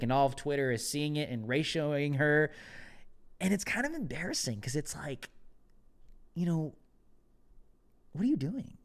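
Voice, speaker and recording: A male commentary host with a mid-range voice. He talks casually, with filler words, and turns sarcastic and mocking as he reacts. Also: mid-range voice. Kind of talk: political commentary.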